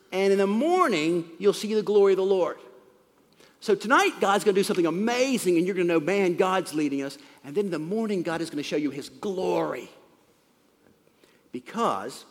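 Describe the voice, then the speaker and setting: Guy preaching a sermon, kinda high voice, big long echo like a church hall, gets loud then drops quiet. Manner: animated, swings from loud emphasis to hushed asides. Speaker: pastor.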